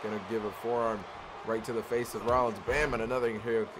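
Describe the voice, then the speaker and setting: Speaking at a middle pitch, a man gives play-by-play for a wrestling video game match, excitable and quick to shout whenever a big move lands. Noticeable noise sits beneath the home recording.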